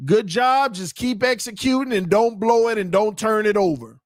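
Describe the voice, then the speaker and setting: A young man hosting a live watch party, calling plays and bantering with his viewers in casual slang, swinging between hype and low mutters. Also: normal speed, hardly any pauses, no room sound, studio quality. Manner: excitable, jumps between hyped play-calling and low muttering asides. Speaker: sports watch party host. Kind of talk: live game commentary and chat.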